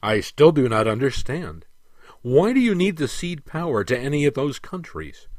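A man's voice: medium pitch, sing-song, normal speed, a little mellow, no room sound, studio quality, pitched above the performer's own voice, natural voice. A man reading the part of a blunt, combative general, the emperor's son, who talks with impatient force. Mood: defiant.

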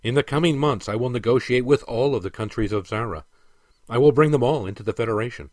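A man reading the part of a stern aging emperor who lectures and commands with measured authority. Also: mid-range voice, a little mellow, dry recording, clean studio sound, close to an everyday voice.

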